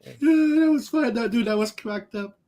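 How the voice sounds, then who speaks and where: A man on a casual talk show, swapping crude stories in an excitable, laughing way. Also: extremely high pitch, moderate pace. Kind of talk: casual chat, anecdote telling.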